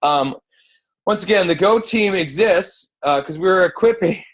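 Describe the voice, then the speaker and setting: A man's voice: high voice, measured pace. Jokey man hosting a coaching call. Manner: playful, geeky, jokey, with many fillers. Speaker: host of a team coaching call. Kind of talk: casual chat.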